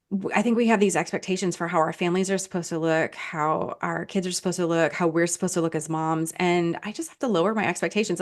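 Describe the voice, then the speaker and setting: A middle-aged woman, an author guest on a podcast, talking casually with many fillers and frequent laughs. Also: medium pitch. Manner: warm, laughing, thinks aloud with many fillers.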